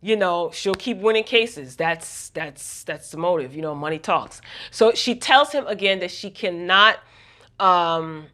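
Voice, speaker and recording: A woman's voice: fairly low pitch, bright, forceful tone. A woman vlogger recapping a TV episode in a casual, gossipy way, talking straight to her viewers.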